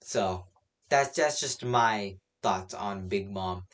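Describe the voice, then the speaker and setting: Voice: deep voice, takes it slowly. A reviewer casually recapping a comic chapter, rambling with many fillers and laughing at their own slips. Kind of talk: casual spoken recap and opinion.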